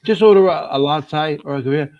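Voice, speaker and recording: A man's voice: a little high, fast. A man in a casual podcast chat, starting hesitantly with fillers and restarts before venting exasperated complaints. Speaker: podcast co-host. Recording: dull lo-fi recording.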